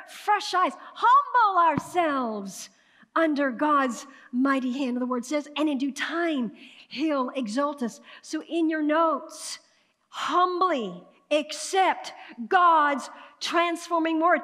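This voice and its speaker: A woman pastor preaching a sermon, calling out to the congregation, swinging from hushed asides to loud emphatic bursts. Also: very high-pitched, animated, takes it slowly. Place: church sanctuary. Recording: long hall reverb of a church sanctuary.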